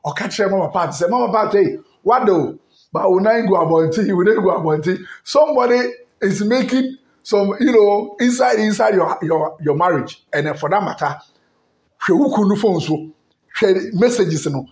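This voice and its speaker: A Ghanaian man hosting a gossip show, teasing and animated as he tells the story. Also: high-pitched, normal speed, echoey room. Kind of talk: casual gossip commentary.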